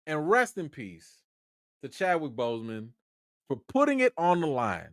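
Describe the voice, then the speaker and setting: A man gives chatty livestream commentary on film news, and his pitch ranges widely as he talks. He is casual and animated and drops in plenty of fillers. The mic is close and the sound is dry, with no room. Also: unhurried, no room sound. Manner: animated, conversational, lots of fillers. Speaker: YouTube movie commentator.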